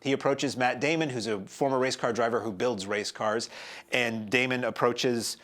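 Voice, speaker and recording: A man's voice: mid-range voice, fairly even intonation, normal speed, fairly bright tone. Chatty, digressive man in his forties. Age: 40s. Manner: chatty, digressive, wry asides. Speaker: film review show host. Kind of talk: casual spoken movie review.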